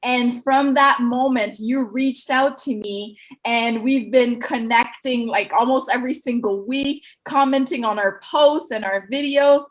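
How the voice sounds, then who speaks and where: A woman's voice: on the high side, unhurried, few pauses, rough recording. A woman with a French accent hosting a live-streamed interview, bubbly and giggly as she reads out viewer comments. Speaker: host.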